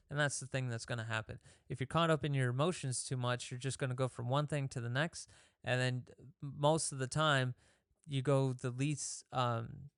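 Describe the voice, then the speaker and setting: A man with a smooth, resonant voice talks casually as a fitness host, coaching his listeners. He often acts out the thoughts in people's heads and restarts his sentences. The sound is close and dry, with no room echo. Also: medium pitch, fairly bright tone. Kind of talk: casual motivational talk.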